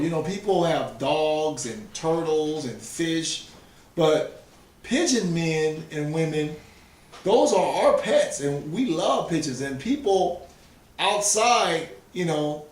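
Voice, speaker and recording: A man's voice: a little high, a little mellow. A man from Southern California, a pigeon fancier, talking earnestly and emphatically in a casual interview. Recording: echoey and distant from the mic.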